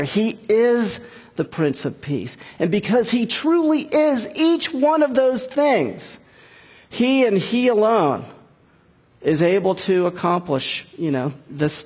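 A man's voice: high voice, breathy edge. A man preaching a conversational sermon as a pastor, explaining scripture with frequent restarts and asides.

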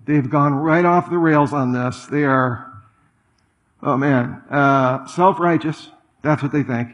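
Middle-aged male preacher, relaxed and conversational from the pulpit, voice a little higher than most. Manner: conversational preaching with asides and quick repetitions. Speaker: pastor. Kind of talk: sermon.

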